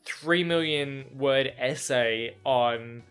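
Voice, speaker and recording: A man's voice: mid-range voice, very slow, a bit bright, clear, resonant tone, soft background music. A young man reacting to a novel in a casual reading vlog, swearing freely and rambling in exasperation. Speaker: book reaction vlogger.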